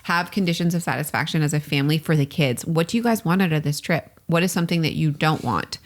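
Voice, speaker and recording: A woman's voice: low voice, fast talker. A woman in her thirties co-hosting a podcast, chatting casually, laughing often and swearing freely. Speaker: podcast co-host. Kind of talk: casual chat.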